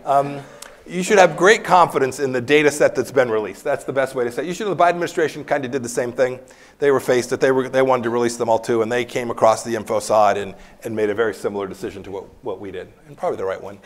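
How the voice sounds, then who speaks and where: A middle-aged man speaks from a university lecture hall in a plain mid-range voice. He answers audience questions candidly and slips into animated anecdotes, laughing as he goes. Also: medium pitch, fast. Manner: candid, anecdotal, laughs while telling stories. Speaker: former secretary of state, guest speaker. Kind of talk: campus lecture Q&A, storytelling.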